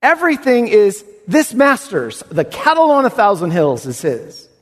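Male preacher, high, very lively delivery, hushed to exclaiming; echoing church sanctuary. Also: normal speed. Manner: animated, swings from hushed to exclamatory. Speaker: pastor. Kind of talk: expository sermon. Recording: reverberant hall.

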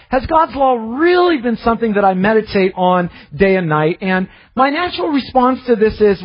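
A male preacher delivers a sermon with a high, lively voice that rises and falls a lot. His tone is somewhat husky, and he earnestly questions himself, often restarting his phrases. The recording sounds dull and lo-fi. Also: moderate pace, hardly any pauses. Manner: earnest, self-searching preaching with repeated restarts.

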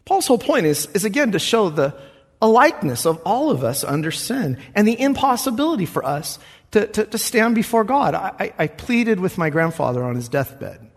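A man preaches with earnest, conversational warmth, acting out the voices of the people he quotes. His voice sits a little high and breathy-husky, rising and falling with wide swings. Long reverb trails behind him from a large hall. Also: very animated, moderate pace. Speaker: pastor. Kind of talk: sermon.

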